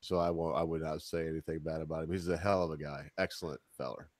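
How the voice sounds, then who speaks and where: A man hosting a casual livestream chat, rambling and laughing often, sometimes getting loud and excited. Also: rumbling low, fast. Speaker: host.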